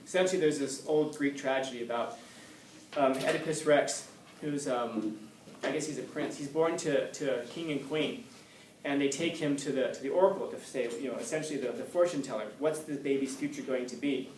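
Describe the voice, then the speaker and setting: A man's voice: medium pitch, a little fast, darkish tone, slight background noise. A man teaching a class in a casual lecture, telling a story and acting out its characters, joking with his students. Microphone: distant room mic. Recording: echoey classroom recorded from far off.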